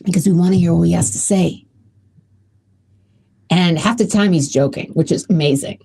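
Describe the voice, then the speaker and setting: A woman's voice: on the low side, normal speed, creaky, mellow, breathy edge. A woman hosting her own podcast, talking casually and emotionally with many restarts. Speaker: podcast host. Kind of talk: casual solo podcast talk.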